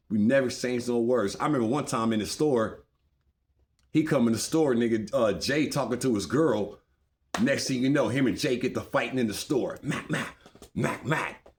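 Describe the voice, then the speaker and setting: A man telling a casual street story in a loose, rambling way. His voice sits at an ordinary middle pitch, and he leans on slang and repeats phrases to keep a rhythm going. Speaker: storyteller recounting his past.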